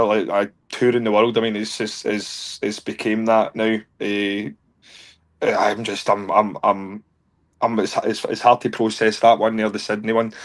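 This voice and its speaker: A man in his thirties, telling stories in a casual podcast chat, laughing often and tripping over repeated words. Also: fairly low pitch. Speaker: guest, touring stage show creator.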